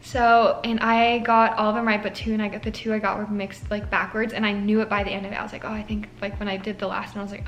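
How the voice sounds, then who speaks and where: A woman's voice: mid-range voice, flat delivery, quick pace, hardly any pauses, a little hiss or hum. A young woman, a nursing student, chatting casually to camera with lots of filler likes and an emotional, earnest manner. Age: young adult. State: tearful at moments.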